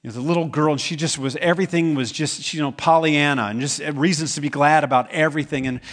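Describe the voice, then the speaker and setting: A man's voice: fairly high pitch, fairly even intonation, quick pace, fairly bright tone. Man preaching a conversational sermon. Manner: conversational preaching, asks the congregation questions; acts out quoted voices in the stories. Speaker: pastor.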